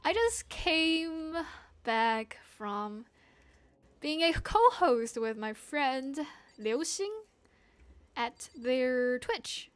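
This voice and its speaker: A woman's voice: high-pitched, no room sound. A woman hosting her own livestream, chatting casually into a desktop microphone in a bubbly, playful, rambling way. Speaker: livestream host. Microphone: desktop streaming microphone.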